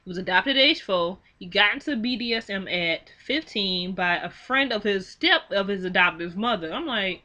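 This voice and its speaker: A young woman giving a casual film recap, animated and exclaiming, acting out the characters' lines in quick quoted bits. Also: medium pitch, dull audio. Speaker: film reviewer. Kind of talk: casual movie recap and commentary.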